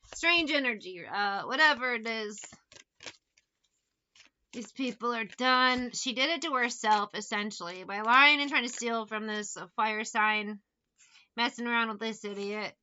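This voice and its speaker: A woman's voice: a little high, unhurried, pushed and bright, clean tone, dull audio. A woman giving a casual tarot reading, talking bluntly with plenty of swearing and sarcastic asides. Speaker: tarot reader.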